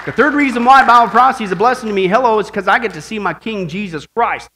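Man, pastor, animated sermon, high-pitched voice, tense bright tone. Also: fast, low-quality recording. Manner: animated preaching, swings from quiet to shouting.

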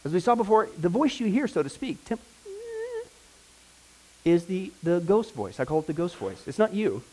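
A man teaching a discipleship Bible class in an energetic, conversational way, often checking in with his listeners. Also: sits high, normal speed, poor audio.

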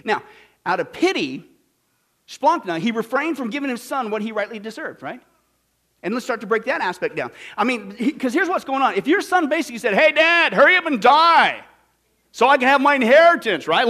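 A man from Kansas preaching a sermon as a pastor, animated and jokey, swinging from loud bursts to hushed asides. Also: very high voice. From Kansas, United States. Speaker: pastor teaching a Bible study.

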